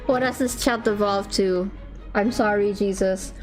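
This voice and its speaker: A woman's voice: mid-range voice, fairly even intonation, a little slow, a little mellow, faint music behind. A woman streamer chatting casually with her viewers, giggly and swearing freely. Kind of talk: casual livestream chat.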